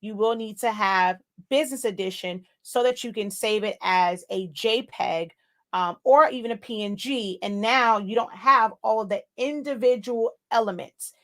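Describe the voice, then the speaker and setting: Woman host, mid-pitch, chatty livestream teacher, loose and unscripted. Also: moderate pace, fairly bright tone. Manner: chatty, loose, many fillers and asides to viewers. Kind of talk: casual live Q&A tutorial.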